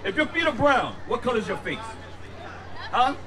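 A man preaching loudly on a city street, firing questions at passersby. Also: very high-pitched, big pitch swings, normal speed. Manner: loud, confrontational questioning. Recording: distant mic with street crowd noise.

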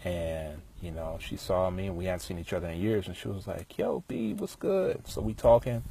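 A man talking outdoors in a relaxed, rambling way, passing on music industry advice full of fillers. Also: deep voice, a little fast, slight background noise. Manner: laid-back, rambling, many fillers. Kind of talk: casual storytelling monologue. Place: outdoors, with bees around.

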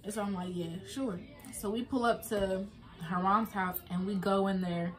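A woman's voice: medium pitch, fairly even intonation, moderate pace. A young woman vlogger, emotionally retelling a personal story with lots of fillers.

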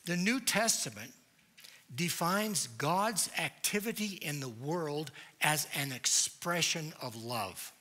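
A man giving a church lecture, deliberate and emphatic, posing rhetorical questions to his audience. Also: on the high side, expressive, bright, forceful tone.

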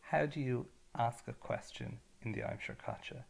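Slow, patient Irish male teacher. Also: medium pitch, wildly swooping pitch, vocal fry. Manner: slow, patient, spells out words by syllable. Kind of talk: revision lesson narration.

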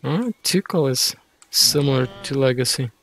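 A man's voice: mid-range voice, animated, moderate pace, a bit bright, slight background noise. A man giving casual, rambling gameplay commentary, often frustrated and self-mocking. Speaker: gaming streamer.

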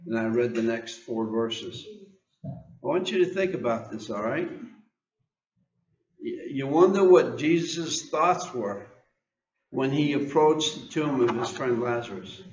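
A man's voice: mid-range voice, lively intonation, a little slow, pauses often, a little mellow, reverberant, muffled recording. An American man preaching an informal sermon, reading scripture and asking the congregation questions, often repeating words as he goes.

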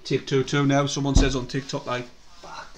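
A man's voice: medium pitch, little pitch movement, normal speed, background noise. A man with a North East English accent, chatting casually on a football live stream, reactive and sweary. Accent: North East England. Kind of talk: casual live match chat.

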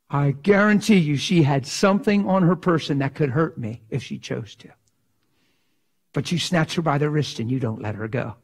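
A male pastor preaching an impassioned sermon in a folksy way, dropping from loud cries to hushed whispers. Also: on the high side. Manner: folksy, drops into slang like "ain't".

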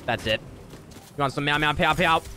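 A young man giving jokey, excitable gameplay commentary with sudden yelps. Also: on the high side, normal speed, a little hiss or hum. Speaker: gaming YouTuber.

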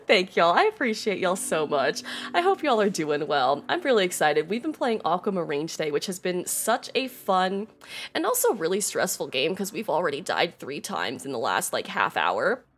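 A woman streaming a game to her chat, bubbly and excitable, laughing often, swearing casually and saying y'all. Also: lowish voice, normal speed, slightly rough. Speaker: Twitch streamer. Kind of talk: casual live-stream chat while gaming.

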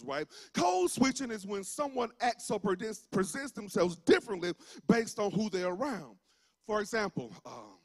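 A pastor from Georgia with a Southern accent, preaching a fervent sermon that swings from shouts into a sing-song cadence, with many "uh" fillers. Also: male voice, high-pitched. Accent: Southern US (rural Georgia). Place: church sanctuary.

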